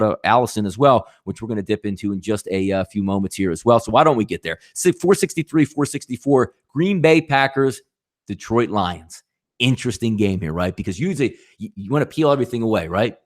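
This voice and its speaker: A man hosting a live sports betting show, talking animatedly with rhetorical questions and addressing viewers as folks. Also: medium pitch.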